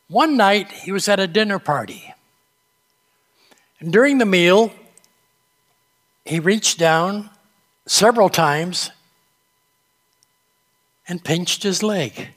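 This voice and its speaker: A man preaching a sermon in a church, telling gentle humorous stories in an unhurried way. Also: high voice, big-room sound. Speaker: pastor. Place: church sanctuary.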